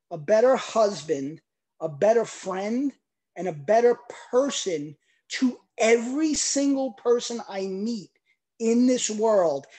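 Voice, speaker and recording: A man in his forties giving an emotional, emphatic testimonial pitch on a video call. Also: darkish tone. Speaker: product promoter on a video call.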